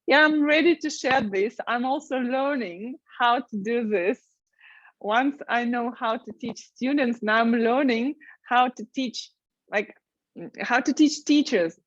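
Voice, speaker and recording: A slow, careful woman with a Russian accent talks as a guest, pausing often on fillers. Her slightly high voice comes through a dull, lo-fi call line that sounds dry and close. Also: no echo. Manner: hesitant, many uh fillers, careful non-native phrasing. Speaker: language school director. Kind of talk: interview guest.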